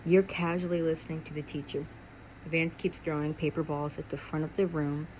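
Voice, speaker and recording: Young woman, deep-ish voice, casual amateur storyteller, slight slips. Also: little pitch movement, normal speed, a little mellow, slight background noise, rough recording. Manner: casual second-person storytelling with slips and restarts. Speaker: amateur reader. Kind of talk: reading fan fiction aloud with voices.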